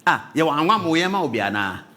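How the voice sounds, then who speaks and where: A man's voice: fairly high pitch, big pitch swings, quick pace, bright, forceful tone. A man with a Ghanaian accent voicing a bubbly, teasing older woman who mixes local words and bits of French.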